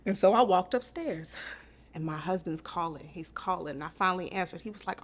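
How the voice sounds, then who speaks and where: A woman's voice: medium pitch, normal speed. Woman telling a personal story, earnest. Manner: earnest, intimate retelling with repeated phrases. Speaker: podcast guest. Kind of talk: personal storytelling in a podcast conversation.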